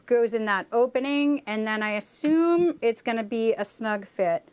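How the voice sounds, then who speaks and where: A woman's voice: fairly high pitch, normal speed, a little mellow, clear, resonant tone. A woman hosting a casual chat while building a LEGO set, playful and making little sound effects. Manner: playful, tells stories with acted-out quotes and sound effects. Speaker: host.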